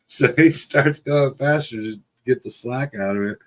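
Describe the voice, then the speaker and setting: A man's voice: mid-range voice, moderate pace. A middle-aged man casually telling a childhood story on a live stream, swearing freely and laughing as he goes. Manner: profane, laughs often while telling. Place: home setup for a live stream.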